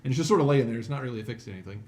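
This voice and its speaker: A man's voice: medium pitch, animated, rapid-fire, a little mellow. A man narrating a tabletop game as game master, in a casual, rambling way with many fillers. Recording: roomy mic with faint noise.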